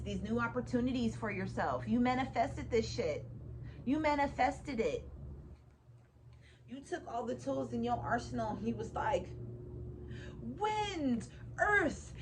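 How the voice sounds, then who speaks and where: A woman's voice: on the high side, animated, takes it slowly, long pauses, noisy background. A woman giving a casual tarot reading to her viewers, swearing freely, laughing often and repeating phrases for emphasis. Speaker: tarot reader.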